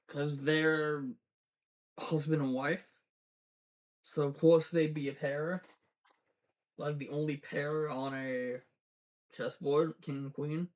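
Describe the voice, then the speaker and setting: A fan talking through a cartoon series in a slow, unhurried ramble. The voice sits at an ordinary middle pitch and drifts between theories and heartfelt outbursts. Profanity comes often and easily. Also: darkish tone. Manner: rambling, swears often, gets teary. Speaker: fan commentator. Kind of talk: casual show breakdown.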